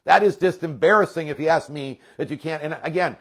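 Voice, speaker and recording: A man with a fairly high voice gives a motivational talk to his sales team. He is fired up and rambling, and he circles back to the same points over and over. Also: brisk. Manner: fired-up, rambling, repeats himself. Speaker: network marketing leader.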